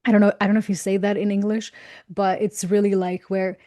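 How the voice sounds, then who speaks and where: A woman's voice: medium pitch, flat delivery, a little fast, mellow. Reflective woman. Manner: reflective, laughs often, repeats words when starting. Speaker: guest astrologer. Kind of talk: casual podcast conversation.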